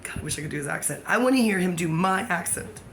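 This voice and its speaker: A woman talks straight to the camera in a loose, wandering monologue, stopping to correct herself and toss in jokes. Her voice has a gravelly fry to it. A clear layer of background noise sits under the recording. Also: lowish voice, expressive, quick pace. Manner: scattered, self-correcting, jokey asides. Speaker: vlogger.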